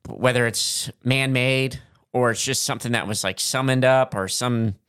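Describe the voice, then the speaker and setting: An easygoing man in a casual podcast chat. He often pauses and trails off mid-thought, filling gaps with "uh." His voice sits at a middling pitch. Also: fairly bright tone, smooth. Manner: easygoing, trails off searching for words. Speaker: podcast co-host.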